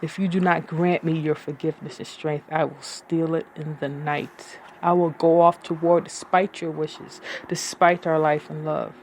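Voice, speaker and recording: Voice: medium pitch, level tone, moderate pace, few pauses, a little hiss or hum, natural voice. A poetry reader voicing a defiant woman warrior pleading with her husband in an impassioned, declaiming poetry reading.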